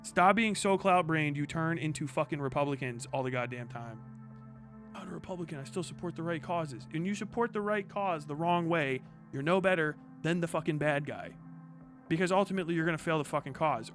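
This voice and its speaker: A man's voice: fairly high pitch, fairly quick, fairly bright tone, soft background music. A man streaming live, ranting angrily and swearing heavily. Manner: angry, profane, heated. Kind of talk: livestream rant.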